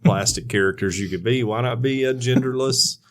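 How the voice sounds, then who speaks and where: A man with a Southern US accent co-hosting a comedic podcast with dry, deadpan banter. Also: medium pitch, fairly quick. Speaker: podcast co-host. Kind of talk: casual comedic chat.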